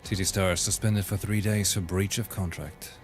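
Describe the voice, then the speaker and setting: Low-voiced man reading game narration. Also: fairly even intonation, moderate pace, faint music behind. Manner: reads narration evenly, laughs at jokes. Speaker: streamer. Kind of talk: reading game story aloud with commentary.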